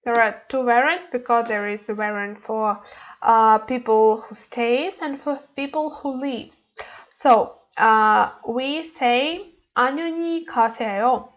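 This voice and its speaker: Brief: female tutor, fairly high voice, hesitant with lots of "uh", dull lo-fi home recording. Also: fairly even intonation. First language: Ukrainian. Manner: halting, many fillers, slow careful repetition of example phrases. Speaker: language teacher. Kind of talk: casual spoken lesson.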